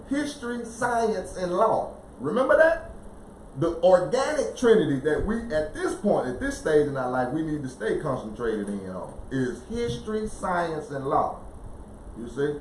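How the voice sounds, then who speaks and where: Animated man asking "you see?". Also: high-pitched, normal speed, reverberant, slight background noise, poor audio. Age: 40s. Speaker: podcast co-host. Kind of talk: casual spiritual discussion.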